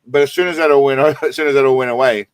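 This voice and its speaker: A man's voice: mid-range voice, fairly even intonation, quick pace, smooth, dry recording. A man casually commenting on clips during a live stream, rambling and swearing freely with many restarts.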